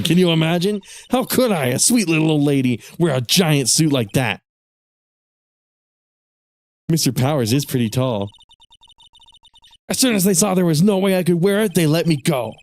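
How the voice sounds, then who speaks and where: A man voicing a prickly old woman security guard in a shrill, cackling voice, reading game dialogue aloud. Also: animated, moderate pace. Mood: indignant.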